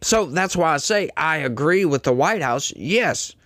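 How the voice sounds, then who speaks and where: A man's voice: fairly high pitch, lively intonation, unhurried, fairly bright tone, dry recording. A man hosting his own channel, giving casual opinionated commentary straight to his viewers, full of fillers and restarts, recorded on a close mic. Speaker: political commentary host. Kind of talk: casual political vlog commentary.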